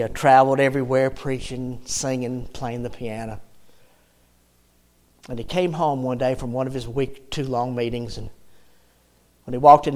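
Emotional preacher in his sixties. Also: mid-range voice. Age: 60s. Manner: emotional, swings from loud calls to hushed storytelling. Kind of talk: sermon.

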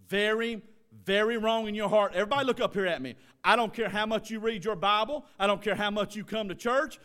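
A middle-aged man preaching a sermon, building to shouted emphasis. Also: sits high. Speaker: pastor.

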